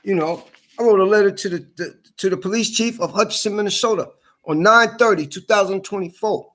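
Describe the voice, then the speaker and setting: Heated male vlogger, a bit high-pitched, profane and repetitive. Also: brisk, fairly bright tone, slight background noise. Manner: profane, heated, repeats himself. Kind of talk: angry rant to camera.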